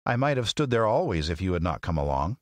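A man voicing a polite, grateful tin man, speaking slowly and deliberately in a raised voice. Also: low voice, sing-song, dry recording, clean studio sound. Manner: slow, raised, deliberate speech.

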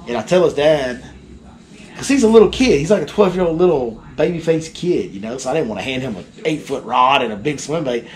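A fishing guide telling a story in casual chat, animated and acting out the people in it. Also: male voice, medium pitch, brisk.

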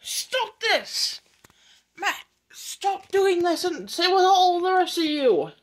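A woman voicing an unruly milk tanker truck in a toy train story, shouting in shrill, crying cries. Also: sing-song, slow, a little hiss or hum, heavily acted. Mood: frantic.

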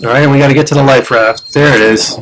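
An American man giving casual commentary on a survival game, chatting and explaining each step to viewers as he plays, sometimes breaking into loud startled exclamations. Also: medium pitch, steady tone, fast talker, slight background noise. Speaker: gamer showing a survival game.

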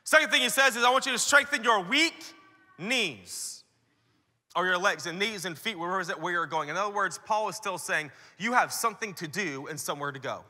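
A man's voice: sits high, quick pace, hardly any pauses, bright, forceful tone, in a large hall. A man preaching a sermon to church leaders at a conference, talking casually and acting out the voices he quotes. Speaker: pastor. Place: large conference hall.

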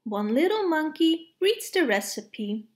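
A woman reading a picture book aloud to young children, expressive, with playful hushes and sound effects. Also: high-pitched, slow. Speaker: storybook reader.

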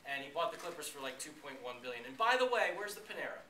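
Animated man in an echoey room. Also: a little high, fast, creaky. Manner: animated, acts out quotes, many restarts. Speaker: guest speaker. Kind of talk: casual talk to students. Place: lecture room. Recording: echoey room from far off, background noise.

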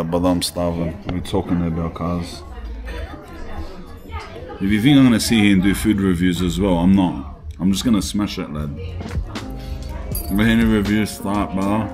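An Australian man vlogging casually as he walks around town and into shops, joking and swearing freely. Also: sits low. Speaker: travel vlogger. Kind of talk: casual travel vlog.

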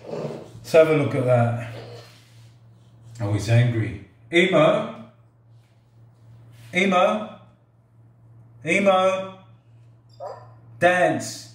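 A middle-aged man casually reviewing a toy robot at a table, relaxed and joking, talking to it like a pet. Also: fairly high pitch, extremely slow, pauses often, roomy sound. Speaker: product reviewer. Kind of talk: casual product review vlog. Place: indoors at a table or counter.

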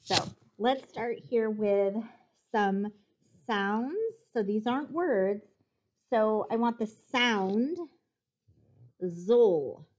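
A woman's voice: fairly high pitch, muffled recording. A woman teacher giving a spelling dictation lesson, patiently sounding out syllables and explaining the rules.

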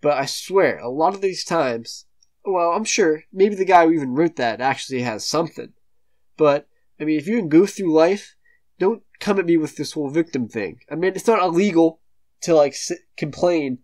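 Sneering teenage guy, slightly high voice. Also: lively intonation, normal speed, a little mellow. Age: late teens. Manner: sneering, dismissive, slangy. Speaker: comedic YouTube commentator. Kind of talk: satirical rant reading online posts.

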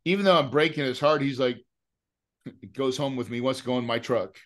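A man's voice: mid-range voice, brisk, a bit bright. Middle-aged man, podcast guest, casual emotional storyteller, mid-range voice, lots of "right?". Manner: casual, repeats words, often asks "right?". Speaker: guest, real estate investor.

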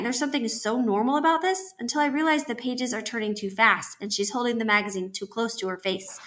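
A woman teacher reading a novel aloud to her class, telling the story in an expressive, steady way. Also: a little high.

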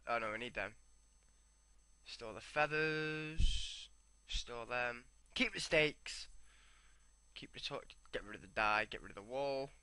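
A man's voice: mid-range voice, sharp tone, clear, resonant tone, no echo. A young man rambling to himself as he comments on his own gameplay. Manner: rambling, talks to himself while playing.

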